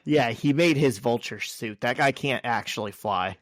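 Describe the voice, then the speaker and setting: A man's voice: medium pitch, normal speed, a bit bright, dry recording. A man cohosting a casual comic book podcast, dropping dry, matter-of-fact quips. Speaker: podcast co-host.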